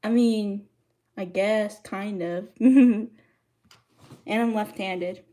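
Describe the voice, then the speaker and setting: Slow-talking woman chatting on a livestream. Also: mid-range voice, fairly even intonation, a little mellow. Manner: chatty, greets viewers and reads chat aloud. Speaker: livestreamer cooking on camera. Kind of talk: casual livestream chat. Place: home kitchen, indoors. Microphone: streaming mic.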